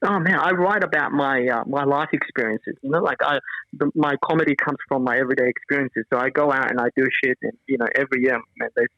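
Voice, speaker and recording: A man's voice: medium pitch, fast, no room sound, muffled recording. A man from East Africa with an Australian accent, a comedian telling stories on a podcast and acting out the voices of people he quotes. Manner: animated, acts out quoted voices. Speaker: stand-up comedian guest. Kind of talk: casual podcast storytelling.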